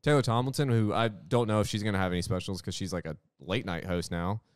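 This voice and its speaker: A man co-hosting a comedy podcast, talking quickly and teasing his co-host in casual chat. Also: on the low side, steady tone, dry recording, studio quality.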